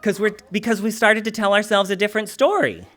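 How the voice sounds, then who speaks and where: A man giving an animated, humorous, conversational spiritual talk to a congregation. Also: sits high, a little fast. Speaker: spiritual teacher.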